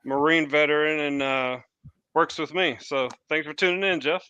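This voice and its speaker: A man's voice: on the high side, steady tone, normal speed, pushed and bright, smooth, dry recording, dull audio. A man working as the show's producer, chatting casually in an easygoing way with short replies. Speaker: show producer. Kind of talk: casual chat.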